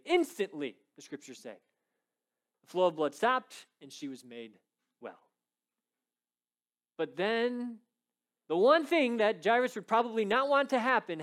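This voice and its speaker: A man preaching a sermon, telling a story with conversational asides and acted-out quotes. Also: high voice. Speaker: pastor.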